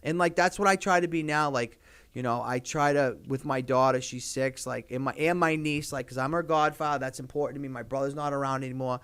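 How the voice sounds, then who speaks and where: A man, telling stories on a podcast in a loose, swearing, animated way, acting out other people's voices. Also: medium pitch, a little fast, clean tone. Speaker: podcast guest. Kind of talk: casual storytelling.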